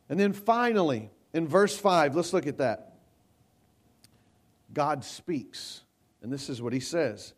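A pastor delivers a sermon in a fairly high male voice. He speaks slowly and emphatically, often restarting and repeating phrases, and lifts into pleading cries when he reads scripture aloud. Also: lively intonation. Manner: slow, emphatic preaching with rising cries when quoting scripture.

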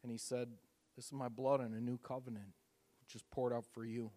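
Man preaching with loud swells and hushed lows. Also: little pitch movement, a little fast, no room sound. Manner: storytelling with swings from loud emphatic peaks to hushed softness; casual, repeats words and uses fillers. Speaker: pastor leading communion. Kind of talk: sermon.

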